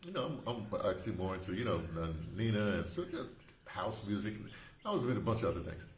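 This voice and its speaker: A man's voice: on the low side, big pitch swings, quick pace. Older man rambling in an echoey room. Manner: digressive, self-interrupting, conversational. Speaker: host. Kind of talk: rambling casual monologue. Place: room, indoors. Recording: echoey room with faint hiss.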